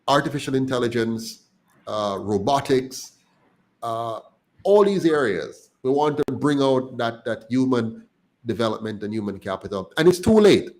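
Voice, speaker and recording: Heated Jamaican man making a political pitch. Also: rough recording. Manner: passionate, grows heated and emphatic. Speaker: party spokesman. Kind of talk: political talk show discussion.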